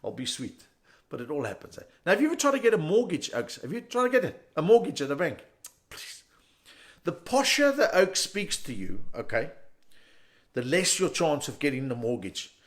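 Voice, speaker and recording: A man's voice: on the high side, huge pitch swings, fairly quick. A middle-aged man with a South African accent, performing a chatty, slangy stand-up set straight to the audience. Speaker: stand-up comedian.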